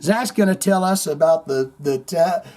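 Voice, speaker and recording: A man hosting a podcast, telling a long story in a rambling, animated way, full of swearing and acted-out quotes. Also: a little high, a little slow. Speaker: podcast host. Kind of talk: casual storytelling monologue.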